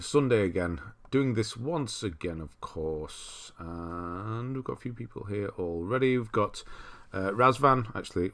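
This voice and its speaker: A man's voice: deep voice, fairly bright tone. A man from Britain hosting a casual livestream, chatting and greeting viewers by name. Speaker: livestream host. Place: cold room at home.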